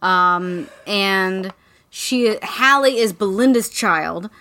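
A woman's voice: mid-range voice, very slow. A woman co-hosting a casual podcast, recapping a book with lots of swearing and joking. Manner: profane, joking, animated retelling with quoted voices. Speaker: podcast co-host.

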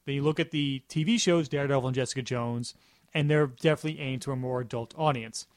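Quick-paced and mid-range, this man's voice comes through with studio quality and no echo. As a podcast co-host in a casual chat about a show, he rambles, often starting his sentences over.

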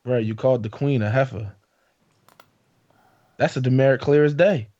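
A man's voice: medium pitch, moderate pace, dark tone. Blunt, teasing man on a muffled mic. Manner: blunt, teasing, curt replies. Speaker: podcast co-host. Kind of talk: casual podcast banter. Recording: muffled lo-fi dry recording.

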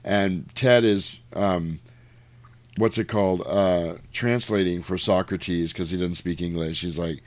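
A man casually retelling a comedy film for a podcast, acting out the lines in high put-on voices and laughing often. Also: unhurried, no echo. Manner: animated storyteller, acts out quotes in high voices, laughs often. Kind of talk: casual movie recap chat.

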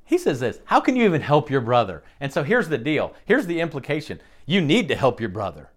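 A man's voice: medium pitch, wildly swooping pitch, brisk. A man preaching a sermon in a conversational way, often checking in with his listeners. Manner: conversational preaching, frequent "okay?" check-ins. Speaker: pastor.

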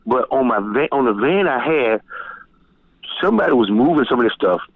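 A middle-aged man from Florida, telling stories as a guest DJ in a loose, profane, animated way. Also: a little fast, no room sound. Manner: animated, profane, jumps high when quoting people. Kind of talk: casual storytelling interview. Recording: tinny phone-line sound, dry.

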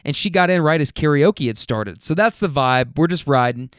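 Male host, rideshare storyteller; casual and laughing, lots of restarts; smooth, clean tone, dry close sound. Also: on the high side, normal speed, no room sound. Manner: laughing, animated, stumbling restarts. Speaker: rideshare driver and show host. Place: Louisville.

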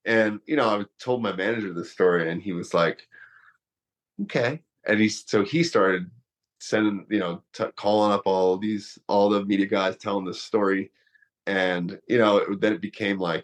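A man in his thirties who used to wrestle and fight tells a long story in a casual, rambling way, full of fillers and laughing as he goes. His voice is lowish and his pace moderate.

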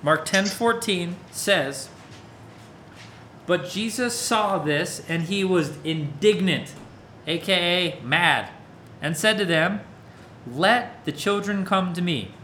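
A male preacher with a slightly high voice and a casual, chatty delivery, who keeps asking his listeners to respond. A faint hiss sits under his voice. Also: expressive, takes it slowly, bright, forceful tone. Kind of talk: interactive sermon.

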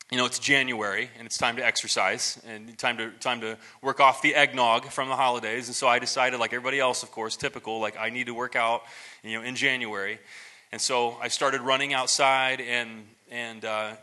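Bright-voiced man preaching casually. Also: medium pitch. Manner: relaxed storytelling, many restarts and asides; self-deprecating humor. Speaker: pastor. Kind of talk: conversational sermon.

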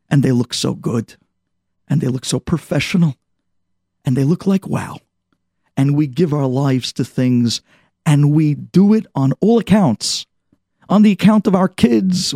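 A man preaching through a story with dramatic swings from loud to hushed. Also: high voice, creaky, dry recording, clean studio sound. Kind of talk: storytelling sermon.

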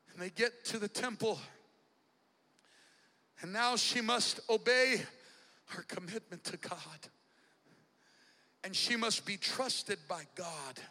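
A man preaching a sermon dramatically, shouting in a rhythmic whooping cadence with "uh" breaths. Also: sits high, long reverb tail. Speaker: bishop preaching.

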